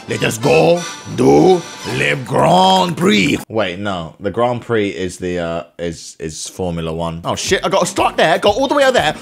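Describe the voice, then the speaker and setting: A young man giving loud, swearing let's-play commentary, breaking into excited shouts. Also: high-pitched, vocal fry. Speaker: gaming YouTuber. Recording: game music behind the voice.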